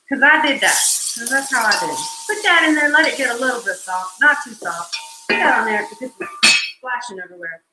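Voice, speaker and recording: A woman's voice: a little high, lively intonation, fairly quick, reverberant, poor audio. A woman hosting a casual live cooking stream from her home kitchen, chatty and joking in a folksy way.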